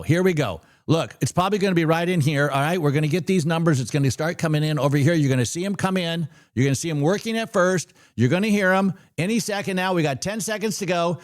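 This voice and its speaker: A man hosting a live trading stream, talking in an animated, ranting and excitable way. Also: fairly high pitch.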